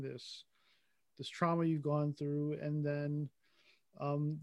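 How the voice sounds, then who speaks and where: A man's voice: a little high, warm tone, dry recording. A man hosting a podcast interview, rambling with fillers and restarts as he shares and asks. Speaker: podcast host. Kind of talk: casual interview chat.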